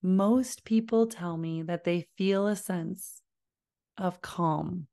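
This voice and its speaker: A woman giving a parenting lesson, talking in a calm, deliberate way and modeling slow, low phrases. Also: gravelly. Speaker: parenting educator. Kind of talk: instructional talk to camera.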